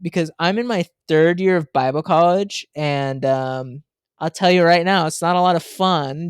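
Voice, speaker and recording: Guy hosting a podcast, animated storyteller, lots of ums, dry close sound. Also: a little high, moderate pace, clear, resonant tone, no echo. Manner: animated storyteller, frequent fillers. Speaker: podcast host. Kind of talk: casual podcast chat.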